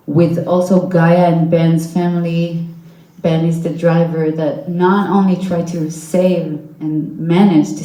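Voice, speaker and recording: Slow-speaking woman, earnest testimony. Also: lowish voice, mellow, roomy sound, rough recording. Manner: earnest, halting, searches for words. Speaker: hostage's relative giving testimony. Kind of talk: personal testimony at a public event. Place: event hall with audience.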